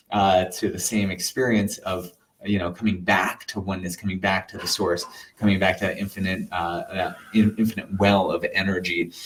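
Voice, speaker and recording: A man telling an earnest personal story in a casual way, animated and full of sound-effect words, sometimes dropping to a soft near-whisper. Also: fairly low pitch, rough recording. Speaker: meditation teacher.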